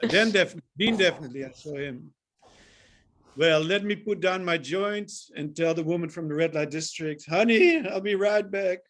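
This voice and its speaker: A man's voice: a little high, normal speed, a bit bright. A man from the Netherlands with a Dutch accent doing a stand-up set over a video call, joking and laughing at his own lines. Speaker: stand-up comic.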